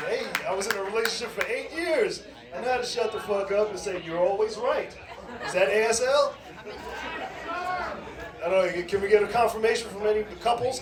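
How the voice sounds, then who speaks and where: Brash high-voiced man hosting a comedy club. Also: distant mic. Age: middle-aged. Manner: brash, profane, teasing the audience. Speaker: comedy show host. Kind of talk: stand-up crowd work. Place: large comedy club, live audience. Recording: echoey club room, crowd noise.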